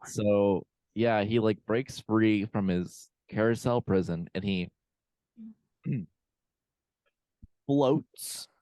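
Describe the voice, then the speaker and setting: A man's voice: fairly low pitch, fairly even intonation, slow, dark tone, dry recording. A man co-hosting a podcast over a video call, talking in a laid-back, drawling way with lots of fillers. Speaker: podcast co-host. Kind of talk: casual chat reviewing a film.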